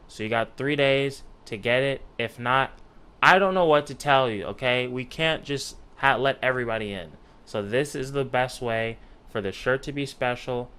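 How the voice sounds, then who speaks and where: A man's voice: on the low side, a bit bright, clean tone. A young man hosting a casual sports vlog, ranting with profanity and rising outbursts. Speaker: sports commentary YouTuber.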